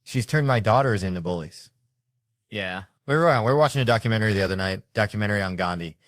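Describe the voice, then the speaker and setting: A man's voice: on the low side, fast talker, a bit bright, dry recording. A middle-aged man doing a stand-up comedy set, telling brash, profane family stories and acting out the quotes.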